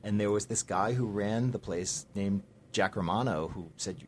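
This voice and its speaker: A middle-aged man speaks as a guest in a casual conversation and tells stories in a rambling, halting way. He fills his pauses with stock phrases and pokes fun at himself. Faint background noise runs under his voice. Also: fairly low pitch. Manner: rambling storyteller, halting with fillers, self-mocking.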